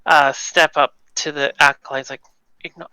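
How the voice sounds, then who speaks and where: Bright, crisp polite male player. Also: on the high side, normal speed, dry recording, rough recording. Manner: polite, formal in character. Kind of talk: tabletop role-play.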